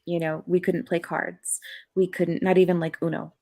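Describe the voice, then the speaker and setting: A woman's voice: fairly low pitch, flat delivery, normal speed, mellow, slight background noise. A woman on a podcast panel, talking candidly and rambling with many fillers in casual chat.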